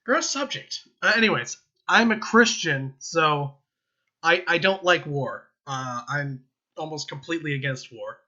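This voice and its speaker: A man's voice: a little high, animated, measured pace, pushed and bright, lo-fi sound. A young American man giving casual, rambling political opinions over gameplay, often chuckling and correcting himself. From United States. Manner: rambling, self-interrupting, with chuckles. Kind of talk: casual rambling commentary while gaming.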